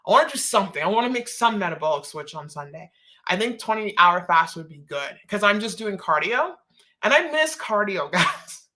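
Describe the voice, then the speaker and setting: Bright-voiced chatty woman from the Caribbean. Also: medium pitch, sing-song, a little fast. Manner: chatty, lots of "like" and laughing asides. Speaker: host. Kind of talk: casual live-stream Q&A.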